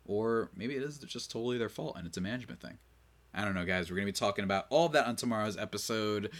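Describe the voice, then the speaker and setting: A man hosting a casual sports podcast, opinionated and quick to rant in exasperation, running on little sleep. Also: lowish voice, animated. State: short on sleep. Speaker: podcast host.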